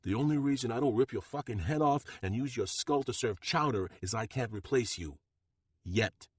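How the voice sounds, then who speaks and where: A man voicing a gruff, commanding executive chef who speaks firmly and calmly. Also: normal speed, dry recording. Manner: low, firm and commanding.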